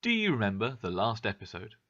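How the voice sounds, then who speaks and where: A man narrating a graded story for English learners in a clear, expressive way. His pitch moves a lot, rising and falling. The recording sounds slightly dull and lo-fi. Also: a little fast.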